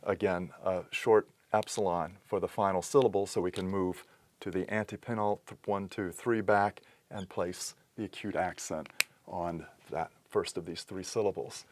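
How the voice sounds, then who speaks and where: Male lecturer, lowish voice, patient and methodical, screen-recorded lesson. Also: steady tone, slight background noise. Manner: patient, explanatory, with pauses and restarts. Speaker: teacher. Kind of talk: recorded lecture on Greek accents.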